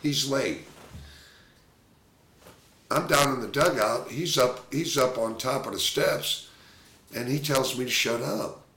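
A man's voice: mid-range voice, slow pace, long pauses. A man, a former baseball catcher, telling stories from his career in a casual interview and laughing often. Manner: animated anecdote teller, laughs often. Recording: roomy echo.

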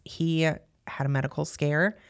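A woman's voice: low voice, fairly even intonation, measured pace, vocal fry, no room sound, studio quality. A woman in her thirties, a parish staff member, chatting as a podcast guest and telling her story with laughs and fillers. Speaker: guest, parish evangelization director. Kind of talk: casual podcast chat.

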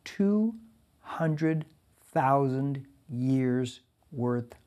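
A male pastor giving a conversational verse-by-verse sermon, reading scripture and breaking in with lively asides. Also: medium pitch, drawn-out words. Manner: conversational, animated preaching with asides.

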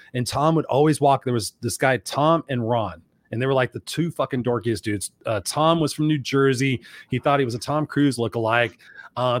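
Male co-host, middle pitch, rapid chatty delivery, dry sound. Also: no room sound. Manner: quick, swearing, reactive. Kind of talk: casual chat, reading viewer comments.

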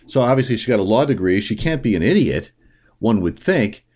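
A man hosting solo political commentary, opinionated and halting, with frequent fillers and restarts. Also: on the low side, very animated, darkish tone.

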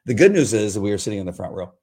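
Man, podcast co-host, loud and booming, low voice with lively pitch, casual joking chat. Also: very fast, breathy edge. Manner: jokey, rambling storyteller with loud bursts.

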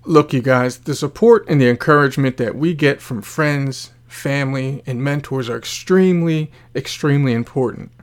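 Male motivational speaker, earnest storytelling delivery with deliberate pauses. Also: mid-range voice. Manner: earnest, slow, dramatic pauses. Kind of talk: storytelling narration.

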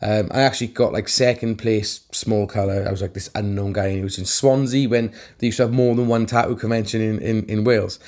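A man's voice: lowish voice, steady tone, fairly quick, few pauses, a little mellow. A middle-aged man, a tattoo artist co-hosting a show, telling rambling, sweary stories full of restarts and "like". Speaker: tattoo artist and podcast co-host. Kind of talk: casual chat.

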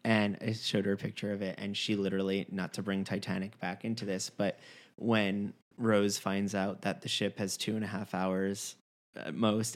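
A man telling a personal story in casual conversation, acting out the dialogue with many restarts. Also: lowish voice. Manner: animated storyteller, acts out quoted dialogue, frequent restarts.

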